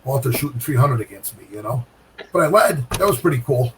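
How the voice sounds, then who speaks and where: A middle-aged man telling a bowling story in casual chat, animated, with sound effects and repeated phrases. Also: medium pitch, brisk, distant mic, noisy background. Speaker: guest pro bowler.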